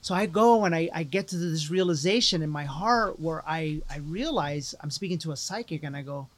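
A man with a slightly higher-than-usual voice tells a personal story as a podcast guest. He talks earnestly and emphatically, circling back with "like" and "you know" as he goes. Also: expressive, brisk. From Latino background. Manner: earnest, emphatic, with many repeated fillers. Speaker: guest, life coach.

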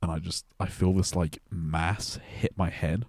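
A man's voice: sits low, steady tone, a little slow, a little mellow, husky, dry recording, clean studio sound. A young adult man in casual podcast chat, trading crude, teasing banter and telling his own story. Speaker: podcast co-host.

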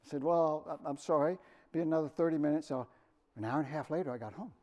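A middle-aged pastor preaching a sermon, telling personal stories with dramatic swings from quiet to loud. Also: male voice, fairly high pitch, fast talker, muffled recording. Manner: earnest, storytelling with dramatic swings in loudness.

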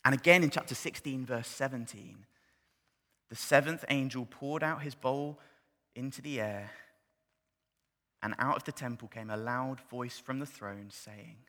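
A man delivering a sermon in a bright, ringing voice that rises to loud, passionate climaxes. He drops to hushed, almost whispered tones when reading scripture. His words trail off into the long reverb of a large hall. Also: medium pitch, a little slow. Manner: swings from loud impassioned build-ups to hushed, near-whispered scripture reading. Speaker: preacher. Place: church hall.

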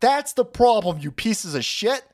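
Profane high-pitched ranting male streamer. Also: big pitch swings, measured pace. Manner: loud, profane, mocking, swings between shouts and mutters. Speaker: political stream host. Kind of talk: ranting live-stream commentary.

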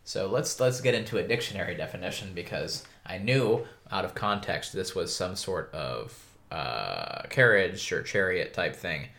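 A man co-hosting a podcast, chatting casually about a book, with relaxed fillers and restarts. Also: deep voice, moderate pace, vocal fry. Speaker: podcast co-host.

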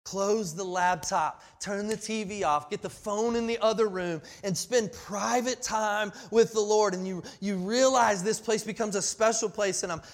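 A man in his forties preaching a sermon, passionate and full of restarts, swinging between loud emphasis and quiet asides. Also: high-pitched, normal speed, few pauses. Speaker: pastor.

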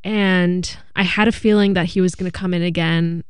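A woman's voice: lowish voice, moderate pace, clean tone, no room sound. Young woman telling a story in close, dry sound. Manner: animated storytelling, acting out quotes. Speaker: podcast co-host. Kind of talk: casual chat.

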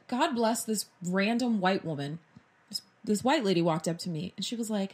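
Animated woman telling a story. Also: mid-range voice, moderate pace. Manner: animated, dramatic retelling with acted-out quotes. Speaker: vlogger. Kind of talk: casual storytime monologue.

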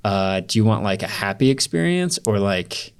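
A man's voice: fairly low pitch, big pitch swings, moderate pace, gravelly, clean tone. A man as a podcast guest, telling a candid story in a rambling way full of fillers. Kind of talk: storytelling in a casual interview.

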